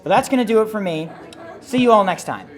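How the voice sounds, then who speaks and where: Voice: medium pitch, animated, fast talker. A segment host delivering an incredulous, exaggerated comedic rant.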